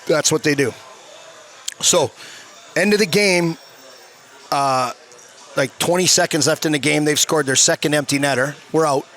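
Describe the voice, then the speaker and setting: Brief: ex-player in his fifties, salty storyteller, bright forceful voice, sits a bit high. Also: normal speed, pauses often. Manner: animated, swears a lot, acts out quotes. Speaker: former hockey player, guest. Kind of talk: profane storytelling in a casual interview. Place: bar.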